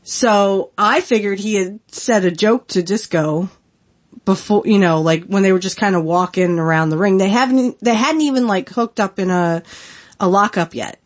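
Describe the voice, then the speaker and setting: In casual solo podcast commentary, a woman in her thirties rambles and giggles, leaning heavily on filler words. Her voice is mid-range at a moderate pace.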